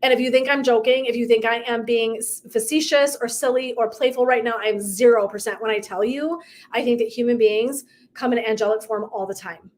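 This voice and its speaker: A middle-aged woman coach talking casually and emphatically to her viewers, with asides and tangents. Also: a little high. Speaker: purpose and legacy coach. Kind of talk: casual motivational talk to viewers.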